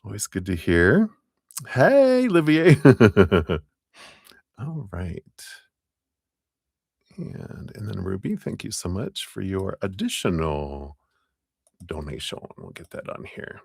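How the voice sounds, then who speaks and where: A man with a deep, low voice hosts a live tarot stream and talks in a chatty, upbeat way. His pitch swings widely as he greets and thanks viewers, and he laughs often. The sound is dry and close, with little room echo. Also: sing-song, takes it slowly, vocal fry, long pauses, husky. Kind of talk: casual live-stream shout-outs to viewers.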